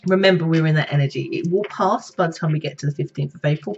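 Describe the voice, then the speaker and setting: A woman's voice: deep voice, fast talker, hardly any pauses, a little mellow, husky, muffled recording. A woman psychic reader giving a casual, chatty horoscope reading that speaks straight to her viewers. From Britain. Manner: chatty, conversational, addresses viewers directly.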